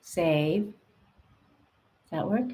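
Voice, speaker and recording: Slow-talking Irish woman live-streaming. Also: lowish voice, lively intonation, noisy background. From Ireland. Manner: chatty and playful, with mumbled asides to herself and bursts of giggling. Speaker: livestreamer. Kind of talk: casual live-stream chat.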